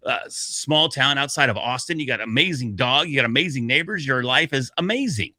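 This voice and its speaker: A man's voice: mid-range voice, expressive, fairly quick, few pauses, pushed and bright, dry recording. A man co-hosting a podcast, talking in an upbeat, joking and motivational way. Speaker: podcast co-host. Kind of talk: casual podcast chat.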